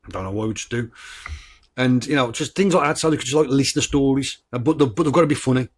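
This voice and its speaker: A man's voice: mid-range voice, quick pace, slightly rough. A man with a Black Country accent, chatting casually as a podcast host, rambling and swearing freely. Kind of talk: casual chat.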